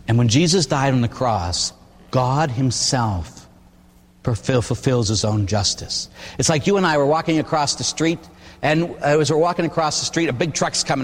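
An older man gives a sermon as a Catholic priest, with a middle-pitched voice. He preaches in a folksy, storytelling manner and drops frequent "huh?" asides. His voice rings out with a long reverb, as in a large church. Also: lively intonation, normal speed. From Pittsburgh area.

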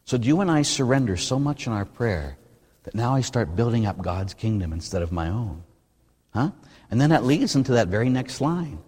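Brief: male Catholic priest preaching in a church, lively delivery, reverberant room. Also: medium pitch, normal speed, slightly rough. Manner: animated preaching, rising to near-shouting when stirred. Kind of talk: sermon.

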